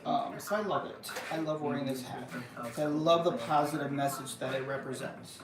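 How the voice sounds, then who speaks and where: A woman's voice: sits low, fairly even intonation, normal speed. A middle-aged woman chatting casually on a live stream from her home, rambling with many fillers and restarts. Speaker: livestream host. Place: room at home. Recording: echoey room, voice a bit far from the mic.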